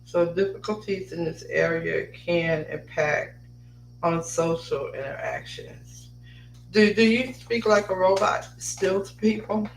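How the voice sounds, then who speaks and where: A woman's voice: fairly low pitch, unhurried. A woman hosting a podcast with her son, chatting casually with many fillers and reading notes aloud. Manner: chatty, rambling, with frequent fillers. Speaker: podcast host and mother. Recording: roomy echo, distant mic, faint hum.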